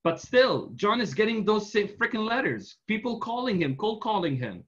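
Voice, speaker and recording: A man's voice: high voice, big pitch swings, moderate pace, fairly bright tone. A man coaching, telling a loose example story and tagging most sentences with "right?". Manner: loose storytelling, constant "right?" tags and fillers. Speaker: real estate marketing coach. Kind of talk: casual teaching in a Q&A. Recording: dull lo-fi recording.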